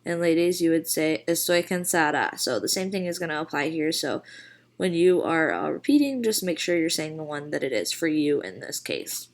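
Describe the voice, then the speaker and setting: A woman teaching a recorded Spanish vocabulary lesson, casually explaining and then slowly modeling each phrase. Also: sits low, sing-song. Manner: slow, deliberate model phrases with casual fillers.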